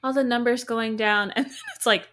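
A woman's voice: a little high, steady tone, fairly quick, fairly bright tone. A woman co-hosting a podcast, animatedly retelling scenes in casual chat with lots of laughter. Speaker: podcast co-host.

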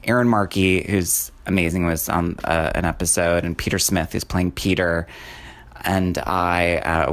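A podcast host talks on his own with a very low, deep voice. He rambles from topic to topic with wry jokes thrown in. It is a relaxed, casual monologue. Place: away from home, in the countryside.

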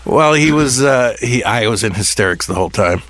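A man's voice: medium pitch, lively intonation, brisk, a bit bright. A middle-aged man, a podcast host and former comedy writer, telling a rambling story in casual chat and restarting his sentences often.

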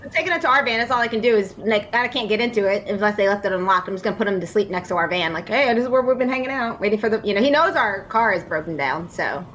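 A woman's voice: mid-range voice, fast talker, few pauses, a bit bright, a little hiss or hum, rough recording. A woman playing in a tabletop role-playing game, chatting casually and laughing often. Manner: playful, laughs often, acts her character's lines. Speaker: player.

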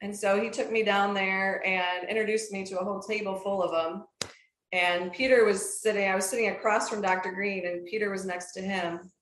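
A woman in her fifties from Minnesota, with a Minnesota accent, telling a personal story as an interview guest in a lively, animated way. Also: medium pitch, moderate pace, a little hiss or hum. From Minnesota, United States. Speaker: guest, professor. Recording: roomy echo.

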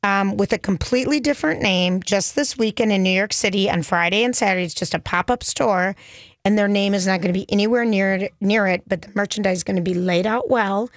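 A woman's voice: medium pitch, brisk, no room sound, clean studio sound. Chatty woman co-hosting radio. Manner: chatty, giggly, reading news bits. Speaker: radio co-host. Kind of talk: casual morning radio chat.

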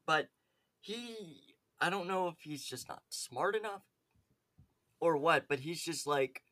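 A man's voice: on the high side, lively intonation, slow pace, pushed and bright, dry recording. A man co-hosting a podcast in casual chat, rambling with lots of "like" and "um". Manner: rambling, filler-heavy with many "like"s. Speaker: podcast co-host.

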